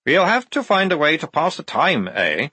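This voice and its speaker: A man's voice: on the high side, wildly swooping pitch, moderate pace, bright, forceful tone, slightly rough, no room sound, voice pushed up, exaggerated voice. A man reading an audiobook, voicing a hapless male guard who talks in a sheepish, pleading way. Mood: chummy.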